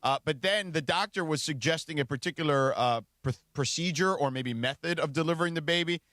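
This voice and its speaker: A man's voice: on the high side, brisk, sharp tone, no room sound, studio quality. A man co-hosting a radio show in casual, conversational chat. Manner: conversational, with fillers. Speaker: radio co-host.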